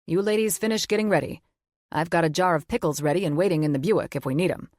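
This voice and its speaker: A woman voicing a blunt, teasing older father who booms and talks crude. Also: fast talker, a little mellow, no echo, clean studio sound, natural voice. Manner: booming, crude, wisecracking.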